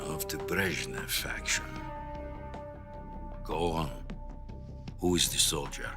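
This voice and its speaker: An actor playing a stern older Soviet premier, speaking slowly and gravely on a hotline call over game cutscene music. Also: male voice, very deep voice, heavily acted. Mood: grave, menacing. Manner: slow, grave and threatening.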